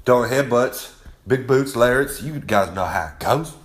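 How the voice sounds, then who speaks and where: A rowdy man with a drawl rambles through a brash wrestling promo. His voice sits at an ordinary pitch, loose and folksy, trading polish for swagger. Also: animated, normal speed. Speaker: wrestler segment host. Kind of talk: brash promo-style monologue.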